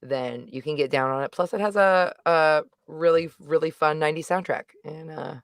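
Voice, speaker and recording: A middle-aged woman chats through a movie review with animated emphasis, often circling back to restate her point. Her voice is smooth and resonant, recorded close and dry. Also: sits low, normal speed, dry recording. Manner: animated, emphatic, rambling with self-corrections. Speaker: guest reviewer. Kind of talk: casual livestream movie review chat.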